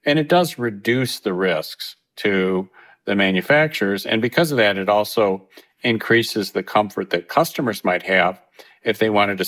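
Middle-aged male economist guest, steady and explanatory, lowish voice. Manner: measured, explanatory. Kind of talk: interview answers.

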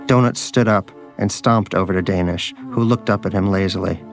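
Low-voiced man narrating a wry story. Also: moderate pace, creaky. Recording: narration over music.

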